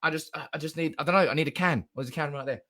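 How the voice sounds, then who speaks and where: A young man hosting a fan livestream, euphoric and swearing, shouting, laughing and reading out viewer comments. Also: a little high, rapid-fire. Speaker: fan channel livestream host. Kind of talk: excited live-stream reaction.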